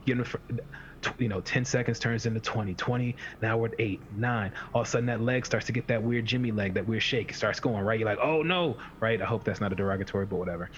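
A man's voice: fairly low pitch, steady tone, fast talker. A man talking as a fitness coach in a casual podcast chat, rambling and acting out the inner voices of his clients. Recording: dull lo-fi sound with faint hiss.

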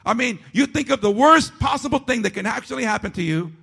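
Man, pastor, sermon, high voice, gravelly edge, emphatic, repetitive rhythm. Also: animated, quick pace. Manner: emphatic preaching, swinging between loud and hushed; repeats phrases for rhythm.

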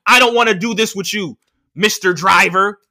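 A young man hosting a podcast, telling a profane, animated story in a casual monologue and acting out the voices of the people in it. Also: high voice, moderate pace. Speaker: podcast host.

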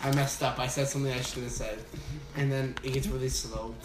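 A man's voice: medium pitch, a little fast, distant mic. A young man jokingly telling a story about a coworker during a poker game. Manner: joking, laughing storyteller, loud when excited. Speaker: podcast co-host. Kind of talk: casual group chat over poker. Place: room with friends at a poker table. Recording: echoey room with loud music.

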